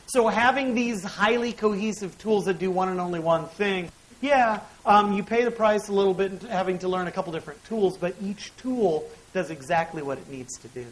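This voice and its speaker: A man's voice: high voice, rough recording. Chatty man giving a tech conference talk. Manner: chatty, wry asides, explains step by step. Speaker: conference speaker. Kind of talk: technical conference talk with live demo. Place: conference stage.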